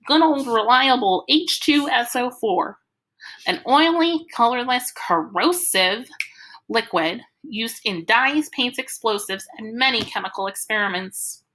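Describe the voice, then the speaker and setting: Brief: woman doing a pint-sized genius boy, fierce and bold, high and bright storybook voice. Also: lively intonation, a little slow, slight background noise. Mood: lecturing.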